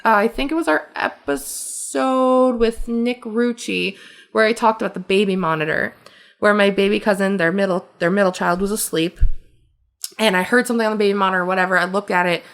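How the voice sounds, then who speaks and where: A woman co-hosting a podcast, telling stories in a casual, animated way with frequent laughter and lots of fillers. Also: medium pitch, a little fast. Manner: animated storyteller, laughs often, many fillers. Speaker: podcast co-host. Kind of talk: casual chat.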